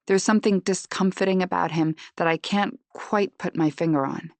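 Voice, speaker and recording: Woman, lower voice, first-person audiobook narration, dry close recording. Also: fairly even intonation, normal speed, no echo.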